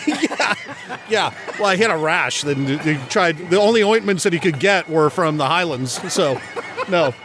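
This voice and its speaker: Laughing, rambling man, fairly high voice. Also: expressive, measured pace, a bit bright, slight background noise. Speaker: comedian and bass drummer. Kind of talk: casual chat. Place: outdoor beer tent at a festival.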